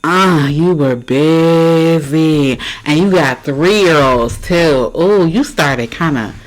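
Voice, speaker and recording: Reaction host, loud and animated, laughs a lot, swears, speaks straight to camera. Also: medium pitch, takes it slowly, low-quality recording.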